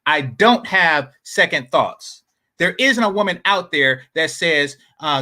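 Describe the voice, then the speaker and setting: A male commentator talks bluntly and mockingly. His voice is bright and sharp, and his pitch rises and falls in lively swings. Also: slow. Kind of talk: reaction commentary.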